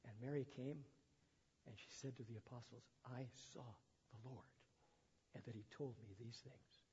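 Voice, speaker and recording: This male pastor talks briskly at medium pitch, his tone warm and slightly rough. During a sermon in a church sanctuary, he reads the gospel and puts it into plain words with chatty asides, recorded as dull sound in a long-echo hall.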